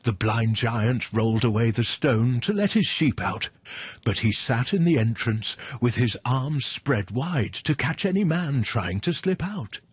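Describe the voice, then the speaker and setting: A man narrating a myth in an expressive, emphatic storytelling style. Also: medium pitch, a little slow, breathy edge, no echo.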